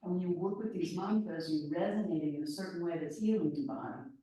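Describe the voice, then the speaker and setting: A woman leading a guided yoga class on chanting and hand gestures, instructing gently with light laughs. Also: on the low side, fast talker. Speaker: yoga teacher. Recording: echoey room from far off.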